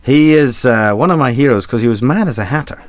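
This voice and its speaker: A man's voice: medium pitch, lively intonation, brisk, no echo. A man, a ship's captain, telling a rambling, comic history story full of asides and swearing. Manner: rambling, chuckling, swearing for laughs. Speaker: cruise ship captain telling stories.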